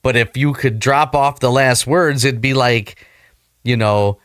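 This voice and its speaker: American guy reacting to stuff, easygoing and self-mocking, pretty dry sound, middle pitch. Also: measured pace, a bit bright, smooth, no room sound. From United States. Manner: chatty, self-deprecating, trying out slang. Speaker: reaction video host. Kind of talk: casual reaction commentary.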